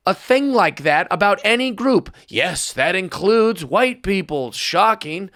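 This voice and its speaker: A man hosting his podcast, ranting in a comic, sarcastic way and climbing to loud mock outrage. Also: high-pitched, lively intonation, measured pace, few pauses, dry recording, studio quality. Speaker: podcast host. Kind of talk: comedic rant.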